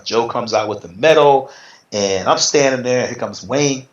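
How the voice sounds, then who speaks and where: A middle-aged man telling stories in a casual interview, lively and acting out what others said. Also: mid-range voice, a little slow. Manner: animated, acts out quotes in other voices. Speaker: interview guest, retired bodybuilder. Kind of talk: casual storytelling. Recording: roomy, slightly dull sound.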